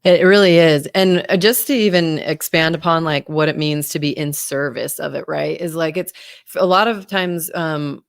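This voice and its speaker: A woman's voice: low-pitched, normal speed, gravelly, smooth, no room sound, clean studio sound. A woman hosting a podcast and coaching speakers, talking in an encouraging, affirming way. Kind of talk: conversational interview.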